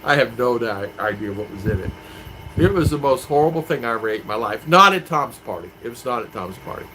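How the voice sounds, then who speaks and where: A man's voice: mid-range voice, expressive, fairly quick, bright, forceful tone, rough recording. A man in a casual live-stream chat, rambling as he reads out viewer comments and answers them. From United States. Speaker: vlogger. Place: home in the Philippines. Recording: clear clicking noise behind voice.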